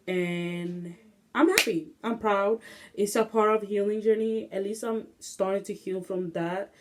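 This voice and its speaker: A woman's voice: fairly low pitch, dark tone. A young woman hosting her own casual solo podcast, rambling and restless with many fillers, recorded on a phone. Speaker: podcast host. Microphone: phone camera.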